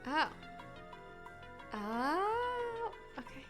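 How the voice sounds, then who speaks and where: High lively giggly woman over game music. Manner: giggly, slow-spoken reactions. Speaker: let's play co-host. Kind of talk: casual gameplay chat.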